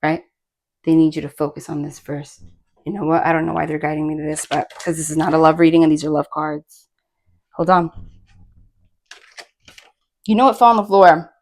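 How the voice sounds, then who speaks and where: A woman's voice: low voice, moderate pace, long pauses. Chatty woman giving a tarot reading. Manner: chatty, rambling, many fillers and restarts; bursts of laughter and excited asides. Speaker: tarot reader. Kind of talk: casual spoken tarot reading.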